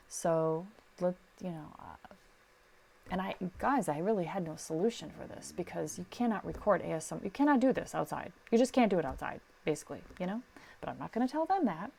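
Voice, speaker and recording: A middle-aged woman speaks briskly with vocal fry and a fairly low pitch while chatting casually on an advice podcast. A sound recordist by trade, she tells her stories animatedly, imitating the people in them.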